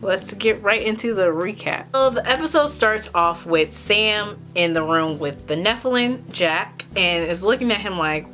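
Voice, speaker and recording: Animated, foul-mouthed woman vlogger. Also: mid-range voice, normal speed, hardly any pauses, soft background music. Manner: animated, swears freely, exclamatory. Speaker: vlog host. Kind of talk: casual profane TV recap.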